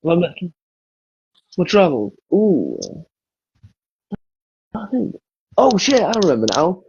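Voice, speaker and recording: A man's voice: sits high, huge pitch swings, slow pace, darkish tone, slight background noise. A man from England telling stories as a podcast guest, casual and swearing freely. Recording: dull dry lo-fi sound.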